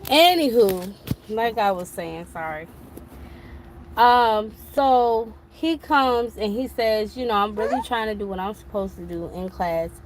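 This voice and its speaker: A woman's voice: mid-range voice, a little hiss or hum. A woman talking on a casual live stream from an eye doctor's office, telling a frustrated story about her son's school. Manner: chatty, exasperated storytelling. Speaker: vlogger.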